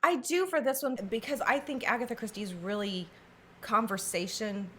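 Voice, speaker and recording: Animated woman chatting about a book. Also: on the high side, normal speed, slight background noise. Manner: animated retelling, acts out characters' lines. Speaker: book review co-host. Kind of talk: casual book chat.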